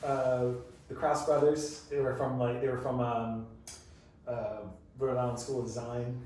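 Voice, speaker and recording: Man, casual chat, halting, repeats himself, echoey room. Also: mid-range voice, flat delivery, a little mellow, a little hiss or hum. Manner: halting, repeats words and restarts. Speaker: cartoon creator guest. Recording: echoey room, mic far off.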